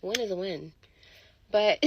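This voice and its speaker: Woman, lower register, casual storyteller. Animated and profane, acts out the quotes. Faint noise under the voice. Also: normal speed.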